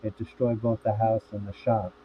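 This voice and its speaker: A man voicing a gruff middle-aged father, blunt and curt in a script reading. His voice is fairly low, and it comes through thin and phone-like over faint noise. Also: little pitch movement, moderate pace, lightly acted. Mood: grim. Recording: tinny phone-like audio with faint hiss.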